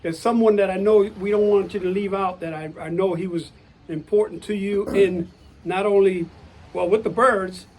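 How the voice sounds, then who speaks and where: High-voiced man interviewing, halting. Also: steady tone, darkish tone, a little hiss or hum, low-quality recording. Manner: hesitant, lots of short backchannels. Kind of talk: casual interview.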